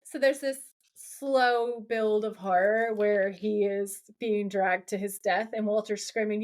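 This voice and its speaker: A woman's voice: medium pitch, fairly even intonation, unhurried, a little mellow. A woman co-hosting a podcast, chatting casually as she retells a TV episode, quoting characters with plenty of swearing. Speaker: podcast co-host. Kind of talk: casual chat recapping a TV episode.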